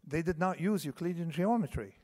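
In a large conference hall with long reverb, a man in his fifties gives a keynote lecture at a fairly quick clip. His voice is a little high and darkish, and he digresses, restarts often, and checks in with listeners by asking "okay?".

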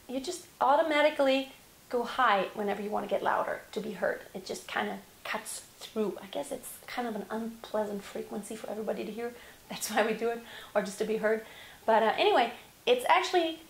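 Singing teacher with a roomy echo. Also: female voice, a little high, fairly quick, vocal fry. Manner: explains with demonstrations, yelling examples. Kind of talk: vocal lesson.

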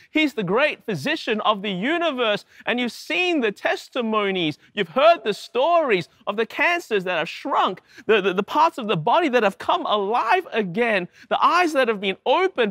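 A man's voice: very high-pitched, a bit bright, no echo, studio quality. A man preaching a sermon to his congregation, emphatic, with repeated rhetorical questions. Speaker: pastor.

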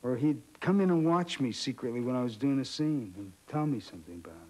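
A man's voice: mid-range voice, lively intonation, quick pace, darkish tone, rough recording. A man reminiscing in an interview, reflective and slipping into the voices of people he quotes. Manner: reflective, acts out quotes of others.

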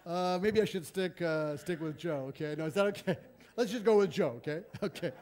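A man, a missionary, preaching a sermon in a church, animated, with sudden loud bursts and quiet asides. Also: high voice, a little fast.

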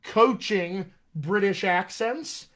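Chatty American man, higher-pitched voice. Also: slow pace, fairly bright tone. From United States. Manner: chatty, rambling, addresses viewers by name. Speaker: dialect coach and live-stream host. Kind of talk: casual live-stream chat to viewers.

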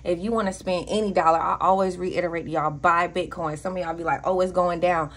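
A woman's voice: fairly low pitch, steady tone, quick pace, a bit bright. A woman with a Southern US accent giving a casual tarot reading, blunt and profane, with preachy asides. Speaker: tarot reader.

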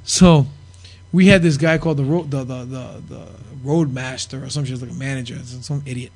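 A man's voice: mid-range voice, brisk. A man casually telling profane backstage stories as a podcast guest, laughing and acting out the people he quotes. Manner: profane, animated, laughing, acts out quoted voices. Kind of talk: casual storytelling.

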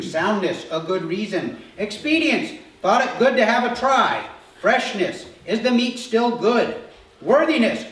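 In a church sanctuary, a man whose voice sits high and fairly bright preaches conversationally, regularly posing questions to the congregation. A far-off mic in the echoey hall picks up slight background noise.

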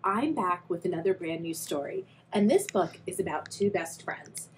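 Here a children's librarian, a young adult woman, leads a storytime, reading a picture book to kids and asking them questions. Her voice is fairly low and very animated at a normal speed, and the rough recording carries a little hiss or hum.

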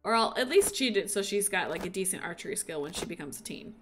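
A woman streams a life-simulation game, talking fast in a mid-range voice with music in the background. Her casual commentary is excitable, breaking into gushing squeals over the animals, and she sounds a little sniffly.

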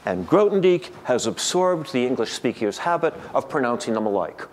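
A man's voice: medium pitch, very animated, moderate pace, few pauses, slight background noise. A middle-aged man giving an academic seminar lecture, thoughtful and digressive, often restarting his sentences. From United States.

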